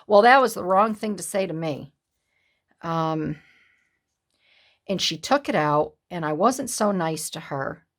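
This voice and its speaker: A woman in her sixties chatting to camera as a craft vlogger, halting and upset, with many pauses and restarts. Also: fairly low pitch, expressive. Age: 60s. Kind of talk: casual chat to camera.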